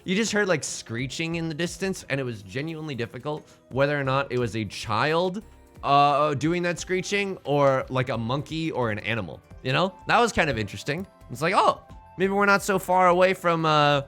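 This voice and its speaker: A male streamer chats to his audience in a lively, joking, self-mocking way. His voice sits a bit high for a man and swings widely in pitch. Soft music plays quietly behind him. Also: moderate pace. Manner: animated, jokey, self-mocking. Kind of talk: casual stream chat.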